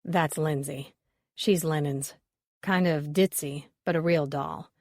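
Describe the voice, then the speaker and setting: An easygoing, gossipy middle-aged man, voiced by a woman narrator who chats casually. She drops her voice a little lower for him, and the recording stays close and dry. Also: fairly even intonation, slow pace, a little mellow, no room sound, exaggerated voice. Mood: chatty.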